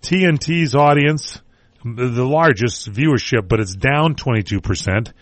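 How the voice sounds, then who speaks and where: A man's voice: mid-range voice, a little slow, dry recording. Wisecracking male radio host. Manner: wisecracking, rambling. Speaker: radio talk show host. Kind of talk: casual entertainment news chat.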